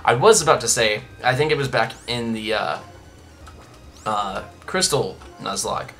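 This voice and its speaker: Young man, gameplay commentator, chatty rambling, bright voice, faint music underneath. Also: medium pitch, expressive, unhurried. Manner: rambling, chatty, many restarts and asides. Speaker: Let's Play host.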